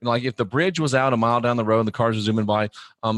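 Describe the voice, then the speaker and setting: Blunt, animated man host. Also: medium pitch, fast talker, no echo, clean studio sound. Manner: blunt, animated, swings into loud mock shouting. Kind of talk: live online show monologue.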